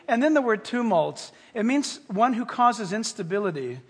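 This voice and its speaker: A man preaching a sermon, animated and playful, acting out little scenes and dropping into whispers for effect. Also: very high voice, moderate pace, few pauses, a little hiss or hum. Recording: hall reverb, from a distance.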